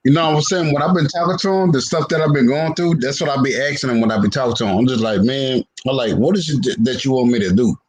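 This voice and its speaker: A man talking in a casual group chat, fast and full of restarts, and he keeps saying "you know what I'm saying". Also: medium pitch, poor audio.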